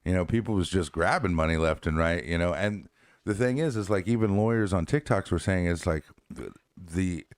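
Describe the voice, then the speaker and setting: A man's voice: low-pitched, moderate pace, clear, resonant tone, no room sound, clean studio sound. A man co-hosting a casual talk show, rambling and repeating himself as he chats and laughs. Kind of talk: casual chat.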